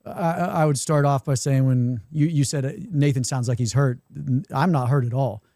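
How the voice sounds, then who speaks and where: A filmmaker being interviewed, a man explaining his view in an earnest, measured way. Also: medium pitch, fairly even intonation, mellow, dry recording, studio quality. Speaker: filmmaker guest.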